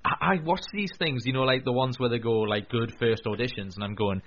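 A man's voice: medium pitch, fairly quick, fairly bright tone, a little hiss or hum. A man hosting a radio talk show, chatting casually with lots of restarts and fillers. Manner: rambling, many restarts and fillers. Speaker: radio host. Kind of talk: casual chat. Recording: dull lo-fi recording.

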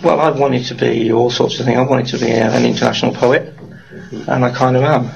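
A man's voice: mid-range voice, fairly even intonation, brisk, gravelly, lo-fi sound, crowd noise. A middle-aged man with a mixed Birmingham and Geordie accent, rambling through his life story in an interview and often ending with tag questions. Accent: mixed Birmingham, Geordie and Welsh. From Wales, raised in Birmingham.

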